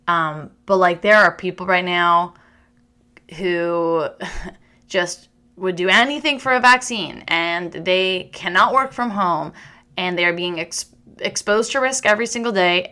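A young woman hosts a podcast in a loose, rambling chat, breaking off and restarting her sentences and laughing at herself as she goes. Her voice sits a little low for a woman, yet it has a bright, forward edge. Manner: chatty, rambling, self-deprecating, with restarts and quick laughs. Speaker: podcast host. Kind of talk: casual chat monologue.

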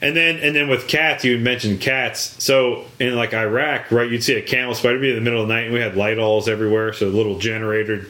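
A man's voice: mid-range voice, fairly even intonation, fast talker, hardly any pauses, bright, forceful tone. A man in casual chat, telling rambling stories with many fillers and restarts.

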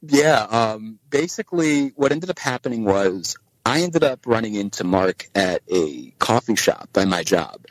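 A man's voice: on the low side, unhurried, few pauses, dry recording, poor audio. A man guest on a podcast, telling a long anecdote in casual chat and acting out the dialogue in different voices. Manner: animated anecdote teller, acts out dialogue in voices.

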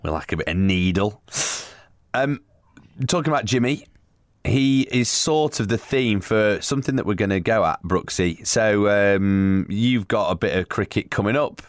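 A man's voice: on the low side, lively intonation, normal speed, no room sound. Chatty male podcast host, dry sound. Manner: chatty, laughs easily. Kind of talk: casual cricket chat.

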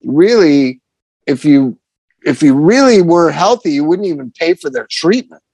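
A man telling a story in a casual interview, animated and profane, laughing often as he goes. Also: on the high side, normal speed, creaky, husky, dry recording. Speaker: addiction counselor guest.

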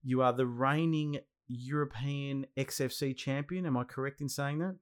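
A man's voice: medium pitch, steady tone, normal speed, smooth. Enthusiastic Australian man hosting a podcast. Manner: enthusiastic, slangy, repeats himself. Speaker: podcast host. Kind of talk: casual podcast interview.

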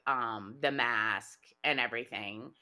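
A woman's voice: rumbling low, unhurried. A woman co-hosting a podcast, telling stories in casual chat and laughing through them. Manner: animated storyteller, laughs often mid-sentence. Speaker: podcast co-host.

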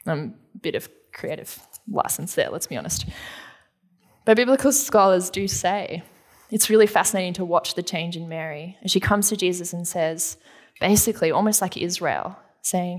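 A woman pastor, her voice a little low for a woman, preaches at normal speed in an earnest, conversational way. She drops casual acted-out quotes into her sermon.

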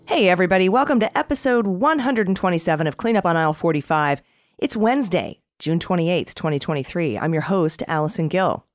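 A woman's voice: on the low side, animated, fairly quick, dry recording, clean studio sound, soft background music. A woman co-hosting a political podcast, chatty and sarcastic, often laughing as she talks. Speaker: podcast co-host. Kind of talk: casual political podcast chat.

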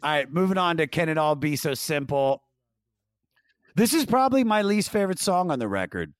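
A man's voice: on the high side, big pitch swings, brisk. A man hosting a podcast in casual, profane chat, steering the talk through an album track by track. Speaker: podcast host.

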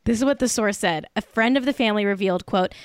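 A woman's voice: medium pitch, fast talker, clear, resonant tone, no echo, clean studio sound. A young woman hosting a celebrity gossip podcast, a little tipsy, swearing freely and laughing between lines. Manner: profane, giggly, gossipy, heavy use of "like". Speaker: podcast host.

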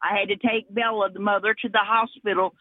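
A woman, calling into a radio show, talking excitedly and tripping over her words. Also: mid-range voice, fairly quick, no echo. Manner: excited, stumbling restarts, laughing. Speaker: radio caller. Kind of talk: casual phone call. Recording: tinny phone line.

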